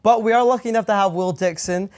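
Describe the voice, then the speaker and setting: A young man hosting a student TV chat show in a studio, upbeat and brisk. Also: high-pitched, darkish tone, a little hiss or hum. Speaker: host.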